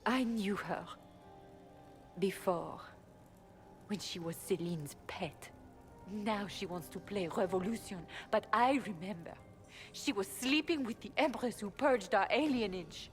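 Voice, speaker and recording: A woman's voice: mid-range voice, a little slow, close to an everyday voice. A woman playing a shaken, bitter informant. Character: frightened young elven woman informant, bitter. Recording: game audio, reverberant, faint music.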